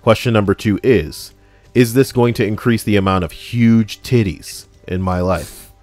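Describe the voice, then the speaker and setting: A man's voice: lowish voice, fairly even intonation, a little slow, a little mellow, no echo, faint music behind. A man hosting a podcast in casual chat, full of crude, teasing banter. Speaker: podcast host.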